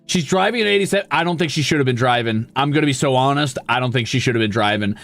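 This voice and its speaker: A man streamer telling an animated, laughing story in a casual chat. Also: medium pitch, fast, soft background music. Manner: animated, laughing, acts out voices.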